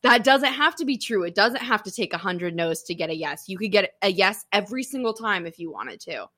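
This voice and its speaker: A young woman hosting a podcast, talking candidly and telling stories with an open, animated manner. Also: medium pitch, fairly quick, no room sound, studio quality. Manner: open, animated storytelling with frequent laughter. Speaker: podcast host. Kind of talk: candid casual podcast chat.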